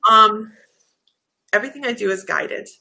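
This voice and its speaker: A woman hosting a livestream as a psychic healer, chatty and effusive, laughing often and talking in quick bursts. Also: mid-range voice, creaky, a crowd in the background. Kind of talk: casual livestream chat.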